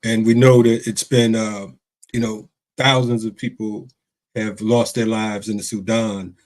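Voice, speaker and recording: A man hosting an interview, relaxed and chiming in with quick affirmations. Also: fairly low pitch. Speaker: host. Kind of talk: casual interview.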